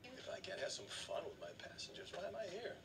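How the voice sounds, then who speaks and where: A man's voice: high voice, huge pitch swings, fast talker, over a noisy crowd, exaggerated voice. An actor playing a cocky male airline captain who is full of himself and tells dry, naughty jokes, in a sitcom. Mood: smug. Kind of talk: sitcom acting.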